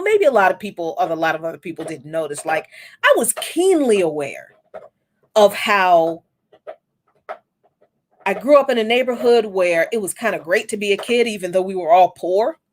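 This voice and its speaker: A woman in her forties hosting a podcast, telling a personal story in a reflective, candid way with frequent restarts and casual cursing. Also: fairly high pitch. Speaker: podcast host.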